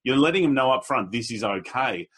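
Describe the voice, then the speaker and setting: Husky man telling stories in conversation. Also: animated, a little fast, fairly bright tone. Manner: storytelling, slips into quoted voices with pitch jumps. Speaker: public speaker. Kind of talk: casual conversation.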